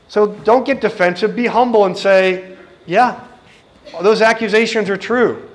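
A man's voice: high-pitched, measured pace. A middle-aged man preaching a sermon in an earnest, direct way, speaking to the congregation and acting out the voices he quotes.

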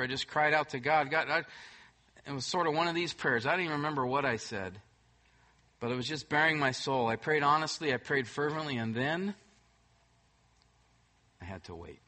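A man preaching a sermon as pastor, emphatic, swinging between loud bursts and soft, hushed moments. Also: a little high.

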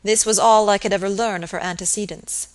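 A woman voicing a grave, earnest young male barrister, speaking in a formal, measured way. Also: mid-range voice, steady tone, natural voice.

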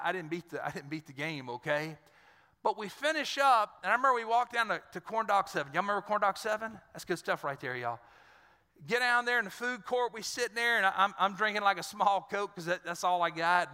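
A man's voice: high-pitched, sharp tone, smooth, long reverb tail. A man from Louisiana, preaching a sermon and telling stories straight to his congregation. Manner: storytelling, addresses congregation directly. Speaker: pastor.

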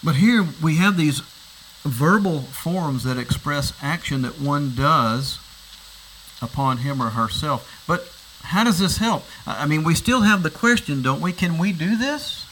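Slightly high and a bit bright, the pastor's voice has lively intonation and an unhurried pace. He preaches by explaining a passage and asking rhetorical questions, often restarting with repeated words. The audio is poor, with slight background noise.

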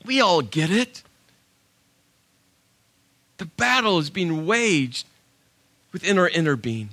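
Male pastor, high bright voice, animated sermon storyteller. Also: slow. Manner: animated storyteller, acts out his own inner dialogue.

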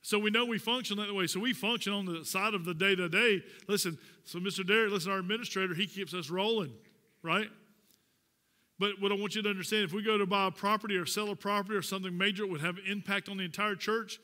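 A man's voice: sits high, fairly even intonation, fast talker, bright, forceful tone, big-room sound. A man preaching a sermon as pastor, folksy and direct, joking with the congregation. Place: church sanctuary.

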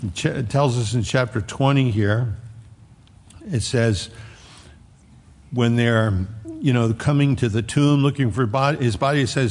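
A man's voice: mid-range voice, a little slow, long pauses, darkish tone. A man preaching a sermon in a conversational way, acting out the voices of the people he quotes. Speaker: pastor. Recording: long hall reverb.

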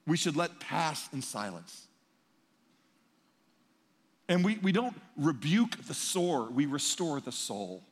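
A male pastor preaching a sermon in a conversational, emphatic way, swinging between loud and hushed. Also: fairly high pitch. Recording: long reverb in a large hall.

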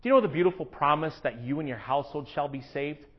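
A man with a high voice preaches to his congregation, animated, dropping to a hush and then rising to loud emphatic lines. The recording is dull and lo-fi. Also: quick pace, breathy edge. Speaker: pastor. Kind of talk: sermon. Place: church.

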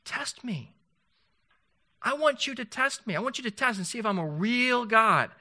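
A man's voice: very high voice, expressive, normal speed, sharp tone, voice pushed up, full character voice. A man voicing God speaking to his people, emphatic and insistent, his words rising as he presses the point.

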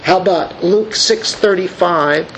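High-voiced man preaching a sermon. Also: a little slow, a bit bright, slight background noise, low-quality recording. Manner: reads scripture aloud, then asks the congregation questions. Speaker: pastor.

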